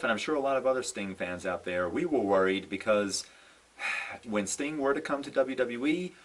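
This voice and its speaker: A young man rants in a casual, exasperated way, sighing and piling up his complaints. His voice sits at an ordinary middle pitch, and he keeps circling back to stress how let down he feels. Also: far from the mic, low-quality recording. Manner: exasperated, animated ranting with sighs and repeated "no"s. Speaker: wrestling fan vlogger. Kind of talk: casual ranting commentary.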